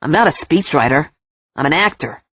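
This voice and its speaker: A woman's voice: mid-range voice, lively intonation, normal speed, husky, no echo. A woman reading the part of a curt, defensive man who works as an actor, in a cold, clipped tone. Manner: terse, defensive, then icy. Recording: dull lo-fi dry recording.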